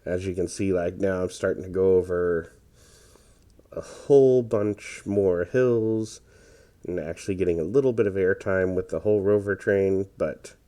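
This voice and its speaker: A man giving relaxed, rambling commentary over his own gameplay, tired and hesitant, with many fillers. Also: deep voice, normal speed. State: tired, yawning. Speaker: gaming commentator.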